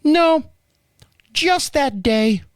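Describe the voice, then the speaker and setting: A man voicing a young female bank phone representative who speaks in a high, hesitant customer-service voice. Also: animated, extremely slow, a little hiss or hum, heavily acted. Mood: meek.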